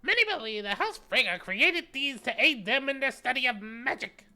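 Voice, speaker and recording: A woman's voice: high-pitched, animated, moderate pace, pushed and bright, voice pushed up, full character voice. A woman voicing a cranky old male museum curator in a strained, put-on old man voice while reading a video game aloud. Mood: lecturing.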